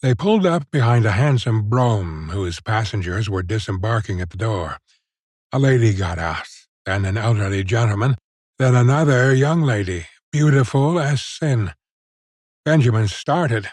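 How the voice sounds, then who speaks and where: A man reading a classic short story aloud as an unabridged audiobook, with a measured, expressive storytelling delivery. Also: lowish voice, no echo, studio quality. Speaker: audiobook narrator.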